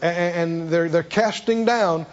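A male preacher, preaching with rhetorical questions and sudden swings between soft and loud. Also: a little high, a little slow. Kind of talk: sermon. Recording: dull, echoey hall.

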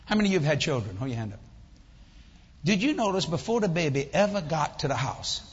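An older man preaches with a high, animated voice that swings between playful asides and acted-out voices. His sermon carries long reverb from a large hall, with a slightly muffled, dull tone and faint room noise behind. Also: fast. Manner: animated storytelling, acts out voices, jokes with congregation. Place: church hall with audience.

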